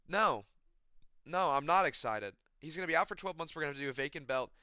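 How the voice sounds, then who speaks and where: A young man vents about a fight, exasperated and profane, looping back over the same phrases. His voice is bright and crisp. The sound is dry and close. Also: fairly high pitch, lively intonation, quick pace, no echo. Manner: exasperated, swearing, repeating himself. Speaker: MMA commentator. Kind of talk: emotional rant. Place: his apartment.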